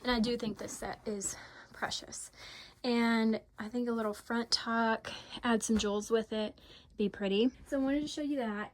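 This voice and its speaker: Chatty, gushing young mom vlogger. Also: female voice, fairly high pitch. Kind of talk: casual chat to camera.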